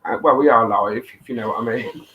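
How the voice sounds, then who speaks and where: A woman's voice: a bass voice, fairly quick, phone-quality sound, a little hiss or hum. A woman hosting a live-stream chat show, affectionate and teasing with her viewers. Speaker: host. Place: home studio.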